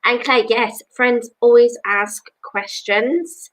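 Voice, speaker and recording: Rambly english lady doing a psychic live stream from home, fairly high voice, lots of "you know". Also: steady tone, slow pace, fairly bright tone, rough recording. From England. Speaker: psychic reader. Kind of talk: live-stream chat with viewers.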